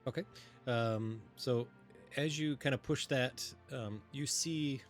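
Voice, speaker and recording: A man's voice: mid-range voice, slow pace, faint music behind. A man narrating as game master of a tabletop game, in loose, filler-heavy description.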